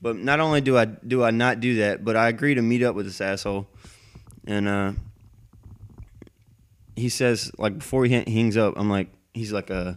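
Man, low smooth voice, profane rambling storyteller on a mic, heated and casual. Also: fairly even intonation, brisk. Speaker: military veteran telling a personal story. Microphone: plug-in microphone.

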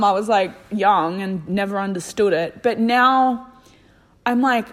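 A woman's voice: mid-range voice, steady tone, measured pace. A young woman talking candidly in a reflective personal vlog, thinking aloud and swearing freely. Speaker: vlogger.

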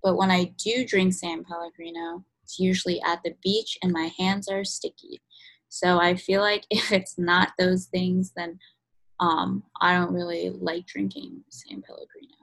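A woman's voice: on the low side, level tone, measured pace, poor audio. A young adult woman co-hosting a podcast in casual chat, chatty with lots of ums and likes. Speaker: podcast co-host.

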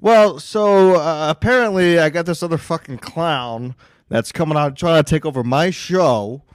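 A man's voice: fairly high pitch, normal speed, clear, resonant tone, no room sound. Laid-back man, dry close sound. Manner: laid-back, swearing, laughs at his own stories. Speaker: podcast host. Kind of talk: casual chat.

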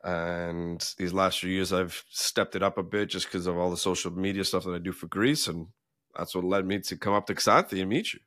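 A man co-hosting a podcast, telling stories in a relaxed way with many fillers. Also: sits low, brisk, dry recording, clean studio sound. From United States. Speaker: podcast co-host. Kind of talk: casual chat.

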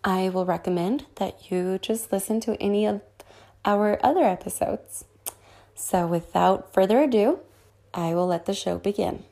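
A woman's voice: normal speed, gravelly, mellow. Bubbly woman podcast host. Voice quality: high-pitched voice. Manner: bubbly, laughs often. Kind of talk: casual podcast chat.

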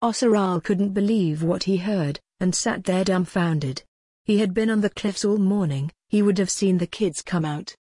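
A woman reading a children's adventure story aloud in a calm, even storytelling manner. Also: mid-range voice, moderate pace, breathy edge, dry recording, clean studio sound. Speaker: audiobook narrator. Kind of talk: scripted storybook narration.

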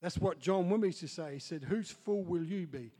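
A man preaching a sermon as pastor, dropping to soft asides and building up to loud, excited storytelling. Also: sits high, fairly quick, slightly rough. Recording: long hall reverb.

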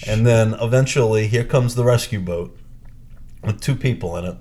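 A man's voice: lowish voice, moderate pace. A man co-hosting a podcast, telling a story in casual chat and acting out the people in it. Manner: animated, acts out quoted people; chatty, with restarts and fillers. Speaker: podcast co-host.

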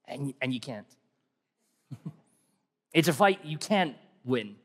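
In a church hall with long reverb, a middle-aged man preaches a sermon slowly. His medium-pitched voice is a bit bright and slightly rough, with lively intonation. He speaks in a wry, conversational way and poses many rhetorical questions.

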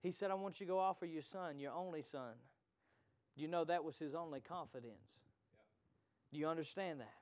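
A man preaching a sermon to his congregation, moving between hushed whispers and shouted peaks and calling out to the listeners directly. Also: fairly high pitch, brisk, long pauses, dry recording. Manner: call-and-response preaching, addresses congregation directly.

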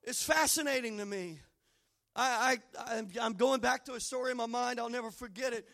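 Pastor, male, very high voice, folksy storyteller who climbs to fervent shouting. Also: brisk, creaky. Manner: folksy, humorous asides. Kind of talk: sermon.

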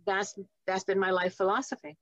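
A woman's voice: mid-range voice, flat delivery, moderate pace, dry recording. A woman in her seventies speaks as an interview guest, sharing her memories in a heartfelt and reflective way. The sound is close and dry, and a little dull and muffled. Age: 70s. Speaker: guest, nurse and author. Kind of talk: storytelling interview.

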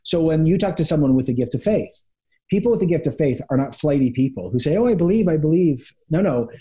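A man speaks as a guest pastor on an interview podcast, with a mellow, warm tone. He tells lively stories, slipping into quick impressions of the people in them. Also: a little high. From Canada. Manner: animated storyteller, acts out quick voices of people. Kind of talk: conversational interview.

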